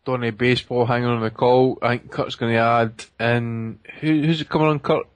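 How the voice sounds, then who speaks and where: A man hosting a podcast in casual chat, blunt, profane and excitable. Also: mid-range voice, moderate pace. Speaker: podcast host.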